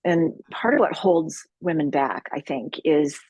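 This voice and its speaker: Woman, retreat leader, low voice, dry close sound, calm earnest interview talk. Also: measured pace, husky, no echo. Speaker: sexual healing retreat leader.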